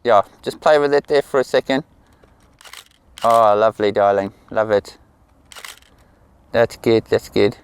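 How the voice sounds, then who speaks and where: Out in a field, a middle-aged portrait photographer directs his model, repeating the same words of praise after each pose. His voice sits on the low side, clean in tone, and he talks at a measured pace with frequent pauses.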